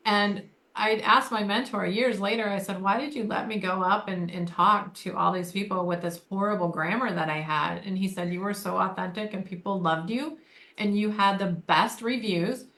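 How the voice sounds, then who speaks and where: A woman's voice: medium pitch, normal speed, fairly bright tone. A woman from Michigan co-hosting a podcast, telling a personal story in earnest and acting out the lines of the people in it. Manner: earnest, acts out quoted dialogue. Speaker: co-host. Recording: roomy echo.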